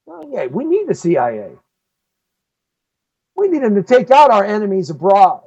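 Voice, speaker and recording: A man hosting a live show, delivering an impassioned opinion monologue that swings between loud outbursts and low muttering. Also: sing-song, moderate pace, dull audio. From United States.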